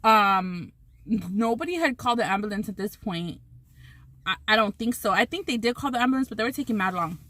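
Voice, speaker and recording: A woman's voice: mid-range voice, lively intonation, a little fast, a bit bright. A woman vlogger telling a story while eating on camera, rambling with many restarts and swearing freely.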